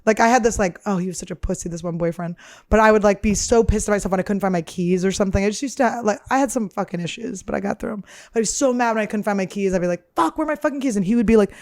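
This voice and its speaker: A woman's voice: medium pitch, fast talker, darkish tone. A woman comedian hosting her podcast, telling candid, profane stories in a rambling, casual chat. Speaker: podcast host and stand-up comedian.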